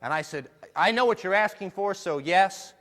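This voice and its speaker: High-voiced joking man in a hall. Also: animated, moderate pace, fairly bright tone. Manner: playful, jokey, asks the audience questions. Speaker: motivational speaker. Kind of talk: humorous keynote talk to a live audience. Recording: long hall reverb.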